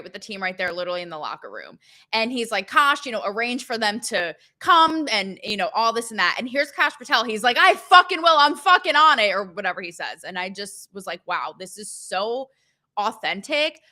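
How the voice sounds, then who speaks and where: A young woman hosting a casual opinion show, chatty and sarcastic, with many fillers and quick asides. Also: medium pitch, pushed and bright. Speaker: show host.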